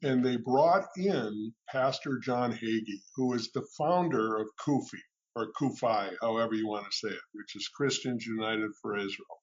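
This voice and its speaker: A male radio guest with a mid-range voice who tells his stories in loose, halting runs full of restarts. The sound is a little dull, like a muffled radio recording. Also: mid-range voice. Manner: storytelling, restarts and fillers. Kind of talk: casual radio conversation.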